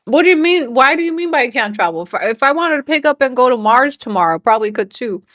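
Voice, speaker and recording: A woman from Mexico reacts live as a streamer, swearing and mocking with a laugh never far off. Her voice is bright and forceful, a little high, and sits in a dry, close room. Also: expressive, fast, no room sound. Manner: profane, mocking, laughing often. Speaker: commentary streamer.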